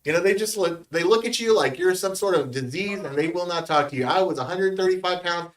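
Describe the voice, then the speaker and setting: A man telling a story in casual podcast chat, profane and animated. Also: sits high, fairly quick.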